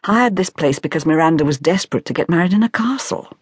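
A woman voicing a gossiping society woman in whispered role-play, hushed and confiding. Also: lowish voice, lively intonation, quick pace, slightly rough, no room sound, clean studio sound. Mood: gossipy.

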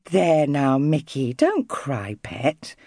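A woman's voice: extremely low pitch, huge pitch swings, slow pace, dark tone, no room sound, clean studio sound, heavily acted. A woman voicing a mother of five who is firm but soothing. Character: brisk, caring mother of five.

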